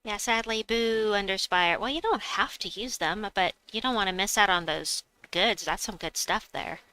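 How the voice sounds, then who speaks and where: A woman's voice: mid-range voice, moderate pace, sharp tone, clean tone, rough recording. A woman streaming a game, chatting casually, reading viewers' messages aloud and laughing often. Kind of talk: casual live-stream chat.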